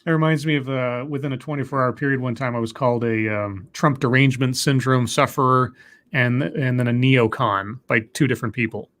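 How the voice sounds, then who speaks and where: A man hosting a casual conversation, speaking in a reflective, measured way. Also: mid-range voice, fairly even intonation, fairly bright tone. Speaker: host.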